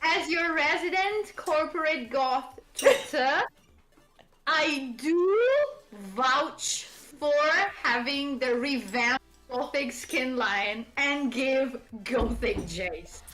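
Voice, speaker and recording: A woman's voice: sits high, very slow, bright, forceful tone, reverberant. A woman hosting a casual lore chat, playful and laughing, slipping into mocking impressions of characters. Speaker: streamer host.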